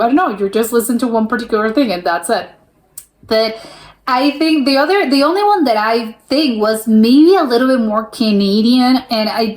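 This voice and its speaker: A young American woman hosting a reaction video, thinking aloud in casual chat with many restarts. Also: a little high. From United States. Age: young adult. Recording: roomy echo.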